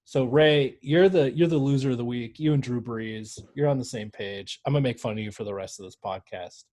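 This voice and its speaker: A man co-hosting a casual sports podcast. He talks in an animated, mocking way and keeps jumping into exaggerated voices to make fun of people. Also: mid-range voice, fairly quick. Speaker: podcast co-host. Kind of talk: casual chat.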